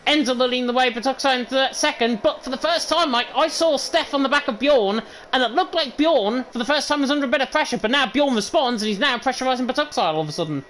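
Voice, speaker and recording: A man giving rapid, excited play-by-play commentary on an online racing league. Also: very high-pitched, slight background noise. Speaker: lead commentator.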